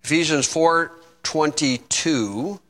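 Slow, bright-voiced preacher in a hall. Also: male voice, on the high side. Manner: slow, measured scripture reading with folksy asides. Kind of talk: sermon. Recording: long reverb in a hall.

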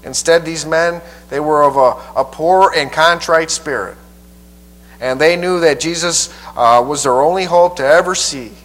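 A man preacher teaching a Bible passage verse by verse in a folksy, halting way, often repeating his words. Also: on the high side, a bit bright, rough recording.

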